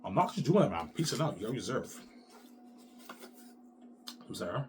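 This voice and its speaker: A man's voice: medium pitch, very animated, brisk, a little hiss or hum. A young man hosting his own show, rambling in a profane monologue, repeating "man" and putting on brief voices for other people. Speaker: show host.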